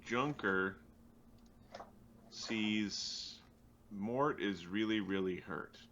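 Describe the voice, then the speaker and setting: A man playing a tabletop game over voice chat, laughing often and halting with fillers. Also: lowish voice, a bit bright, muffled recording, slight background noise. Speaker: player. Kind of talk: casual tabletop game play.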